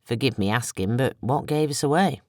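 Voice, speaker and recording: An audiobook narrator voicing a calm, compassionate man who speaks in a quiet, measured, sympathetic way. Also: mid-range voice, no room sound, clean studio sound, lightly acted.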